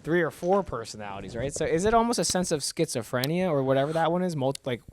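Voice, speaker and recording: A fairly high-pitched man hosts a podcast in loose, casual chat. He rambles and leans on fillers, and his voice rises and falls with lots of movement. He sounds easygoing as he circles his points. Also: animated, quick pace, a little mellow, a little hiss or hum. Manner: rambling, filler-heavy, frequent "like" and "right?". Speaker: podcast host.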